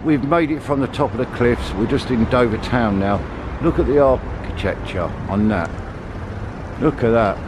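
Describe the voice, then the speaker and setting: A man's voice: medium pitch, normal speed. Man, chatty vlog narration, outdoors, handheld camera, faint noise. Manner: chatty, swears mildly, jokes about being out of breath. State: out of breath while climbing. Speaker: family vlogger. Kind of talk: casual vlog narration while walking. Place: outdoors in a town and on clifftops.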